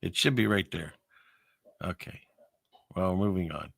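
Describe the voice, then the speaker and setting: Gravelly-voiced man hosting a casual show. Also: low-pitched, unhurried, fairly bright tone, no room sound. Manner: rambling, wry, talks to chat. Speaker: show host. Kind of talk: casual commentary on video clips.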